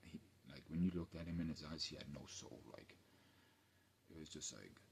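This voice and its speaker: Very low-voiced man rambling late at night. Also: moderate pace, vocal fry, slight background noise. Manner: rambling, profane, mumbling with trailing-off asides. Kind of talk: late-night personal rant. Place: home, indoors at night.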